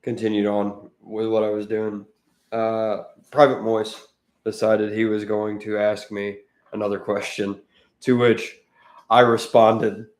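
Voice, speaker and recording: A man co-hosting a podcast, telling animated anecdotes in casual chat. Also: fairly low pitch, a little slow. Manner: talkative, animated anecdote teller. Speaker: podcast co-host. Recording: roomy echoey room.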